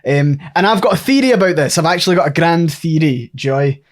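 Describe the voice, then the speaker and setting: A man's voice: a little high, lively intonation, fairly quick. A man co-hosting a podcast who thinks aloud and lays out his theories at length in a casual chat. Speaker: podcast co-host.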